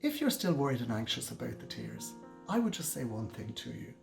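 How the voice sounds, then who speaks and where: A man giving a gentle, reassuring training talk to carers, speaking directly to his audience. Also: medium pitch, sing-song, fairly quick, vocal fry, soft background music. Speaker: care trainer. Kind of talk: instructional talk to camera.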